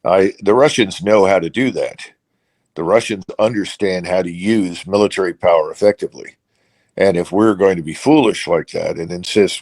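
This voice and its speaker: A man with a very low voice talks through political analysis as an interview guest. He speaks unscripted and measured, pausing on fillers and restarting phrases as he thinks. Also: darkish tone. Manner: measured, with many hesitations and restarts.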